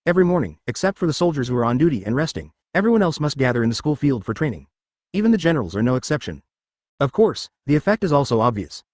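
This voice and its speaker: Fast synthetic male narrator. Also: medium pitch, no echo, studio quality. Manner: even, mechanical reading with odd misreadings.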